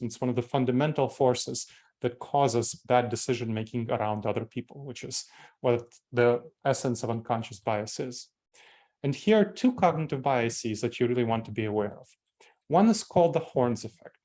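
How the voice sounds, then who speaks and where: A man's voice: medium pitch, moderate pace, mellow. A man in his forties with a Moldovan accent, giving a training talk to company staff and explaining things step by step, repeating key terms for emphasis. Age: 40s. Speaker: corporate trainer.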